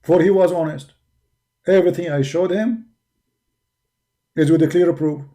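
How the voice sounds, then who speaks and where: A man from the Arab world with an Arabic accent, speaking English as a second language with broken grammar, arguing forcefully in a preaching monologue. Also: fairly high pitch, fairly even intonation, normal speed. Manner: forceful, argumentative, with non-native grammar. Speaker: religious debater.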